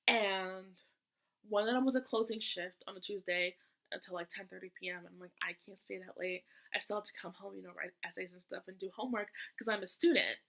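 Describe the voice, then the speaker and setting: A woman's voice: mid-range voice, fairly even intonation, brisk, creaky, a bit bright. A young woman and student telling a storytime vlog in a chatty, exasperated way, with sassy asides. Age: young adult. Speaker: vlogger. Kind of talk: casual storytime.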